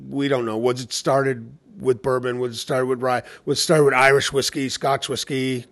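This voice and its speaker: A man at a middle pitch speaks in a relaxed, conversational way. He is a cocktail educator who tells stories and acts out quoted exchanges between people. His speech comes across as easygoing. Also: moderate pace. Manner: anecdotal storytelling, acting out quoted exchanges. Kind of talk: casual conversation.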